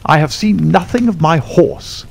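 A man's voice: on the high side, a little slow, vocal fry, voice pushed up. A man voicing an agitated older male colonel in an audiobook, with a strained, exclamatory manner. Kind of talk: audiobook character voice.

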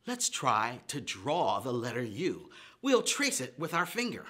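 A man's voice: medium pitch, huge pitch swings, takes it slowly, sharp tone. A man leading a preschool storytime lesson, playful and exaggerated, with gasps and whoops for young children.

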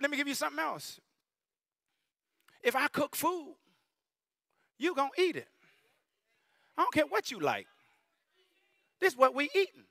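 A middle-aged man preaching a sermon in a church, animated and storytelling, rising at times to shouting. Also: very high voice, creaky, no echo, studio quality. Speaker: bishop preaching. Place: church sanctuary.

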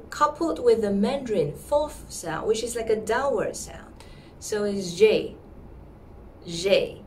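A woman teaching pronunciation, breaking words into sounds and repeating them patiently. Her voice rises high and swings widely in pitch. She sits some distance from the mic with a faint hum behind her. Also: darkish tone. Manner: slow, careful, repeats words. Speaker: music teacher. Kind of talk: pronunciation lesson.

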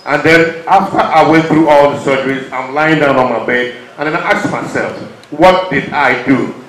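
A man's voice: fairly high pitch, normal speed, roomy sound, a little hiss or hum, rough recording. Impassioned Nigerian man on a stage. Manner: impassioned, swings from loud urging to quiet, choked-up. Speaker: performer speaking to an audience. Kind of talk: emotional testimony on stage.

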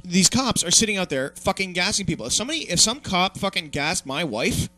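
Speaking fairly quickly in a high voice, this young man hosts an online talk show. His podcast segment is a profane political rant, full of swearing, mockery, and animated energy.

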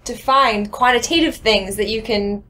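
A young woman co-hosting a podcast in casual chat, playful and quick to laugh. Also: a little high, pushed and bright. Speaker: podcast co-host.

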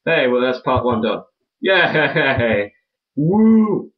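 A man's voice: mid-range voice, quick pace, recorded from a distance. Teasing young man, muffled mic. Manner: teasing, goofy asides. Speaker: let's play co-host. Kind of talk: casual game commentary with a friend.

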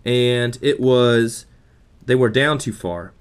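A man's voice: mid-range voice, takes it slowly, smooth. A young man venting angrily and profanely about broken gear in a casual, rambling vlog. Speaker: vlogger.

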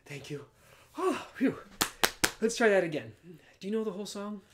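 A man's voice: high voice, sing-song, normal speed, very noisy. Playful male preschool music teacher. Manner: playful, apologetic, laughs often, drops to soft whispers. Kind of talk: live-streamed kids' music and movement class.

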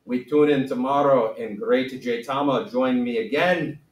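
A man's voice: medium pitch, a little slow, natural voice. A man putting on a solemn ancient sage with a shaky accent. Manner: put-on foreign accent, broken grammar. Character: solemn wise ancient male sage teacher. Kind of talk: playful in-character lesson. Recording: roomy echo, mic at a distance.

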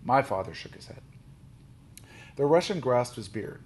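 A man reading a children's novel aloud, lifting his voice for quoted lines and dropping low on speech tags. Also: unhurried, long pauses. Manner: steady storybook reading, with small restarts.

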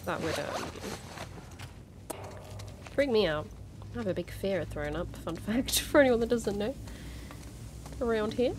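A woman's voice: mid-range voice, lively intonation, measured pace, pauses often, slight background noise. A young woman chatting her way through a video game, exclaiming often and giggling between remarks. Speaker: gaming YouTuber. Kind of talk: casual let's-play commentary.

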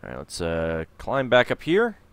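A man's voice: on the low side, huge pitch swings, normal speed, vocal fry, a bit bright, no echo. A man hosting a casual let's play, rambling and hesitant as he comments on the game. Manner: rambling, hesitant, lots of fillers.

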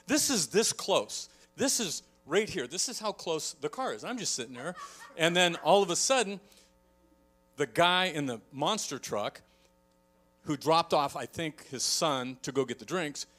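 A man preaching a sermon in a church, telling a story with lively energy and acting out the people in it. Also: a little high. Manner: animated storytelling, acting out shouts. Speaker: pastor.

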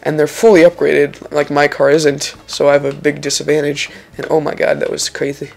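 A young man giving casual, excitable let's-play commentary over a racing game, swearing and exclaiming when he makes mistakes. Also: on the high side, fairly quick, creaky, soft background music. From Lithuania. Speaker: gaming channel host.

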